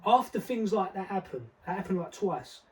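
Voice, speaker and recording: Young man with a high voice. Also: big pitch swings, moderate pace, a little mellow, recorded from a distance, low-quality recording. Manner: street slang, emphatic, repeats words. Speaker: podcast co-host. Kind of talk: casual discussion.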